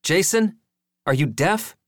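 A man voicing an excitable, teasing young man in an audiobook, using a high, goofy, bossy voice. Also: normal speed, no echo, studio quality. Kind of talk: audiobook character voice.

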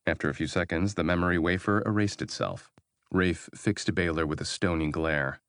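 Deep-voiced male audiobook narrator. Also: steady tone, moderate pace, a bit bright, no room sound, studio quality. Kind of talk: scripted narration.

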